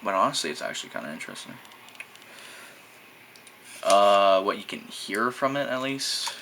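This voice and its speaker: Rambling, crude teenage guy, bright-toned. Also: fairly low pitch, expressive, moderate pace, slight background noise. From New Mexico. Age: teens. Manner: rambling, crude, hesitant with many fillers; swears freely, loose slangy talk. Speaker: vlogger showing a gadget. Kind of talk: casual rambling show-and-tell.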